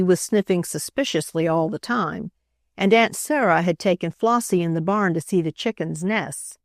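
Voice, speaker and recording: A woman's voice: fairly low pitch, normal speed, dry recording, studio quality. Woman reading a children's classic. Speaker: audiobook narrator. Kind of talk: storybook narration.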